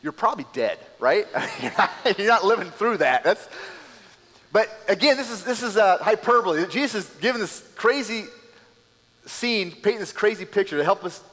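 Animated male pastor preaching in an echoing hall. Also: high voice, moderate pace. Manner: animated storytelling, acting out scenes. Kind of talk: sermon.

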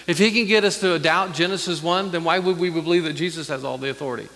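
Older male preacher in his 60s, high-pitched, earnest sermon delivery, long reverb. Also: quick pace, vocal fry, fairly bright tone. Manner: earnest preaching with frequent repeated words. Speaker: pastor. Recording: long reverb of a large hall.

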